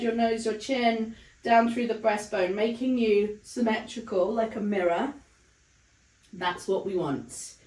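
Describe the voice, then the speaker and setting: Calm woman coaching Pilates, roomy echo. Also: on the high side. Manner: calm counting of breaths while demonstrating. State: breathless, counts fading to breathy whispers during exertion. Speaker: Pilates instructor. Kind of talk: guided exercise instruction.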